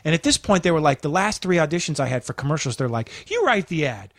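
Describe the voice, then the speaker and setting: A man with a slightly high voice, telling a comic story on a podcast. He acts out each person in it, curses freely and breaks into laughs. The sound is dry and close to the mic. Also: animated, quick pace, dry recording. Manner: acts out characters, swears, laughs a lot. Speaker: comedian guest. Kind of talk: animated storytelling.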